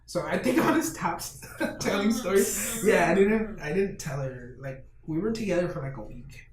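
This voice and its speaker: A man's voice: high voice, lively intonation, moderate pace, crowd noise. A man hosting a podcast, chatting casually and telling self-deprecating stories. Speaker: podcast host. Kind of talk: casual chat. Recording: echoey room, distant mic, faint noise.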